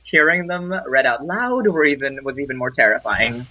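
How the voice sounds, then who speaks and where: A man co-hosting a casual book discussion, jokey and expressive. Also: medium pitch, moderate pace, no echo. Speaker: podcast co-host. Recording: dull lo-fi dry sound.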